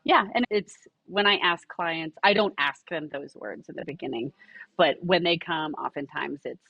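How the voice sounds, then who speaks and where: Middle-aged woman, breathy-edged voice, emphatic and warmly reassuring storyteller, dry recording. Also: sits low, moderate pace, no room sound, dull audio. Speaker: Pilates instructor and studio owner. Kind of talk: podcast interview guest.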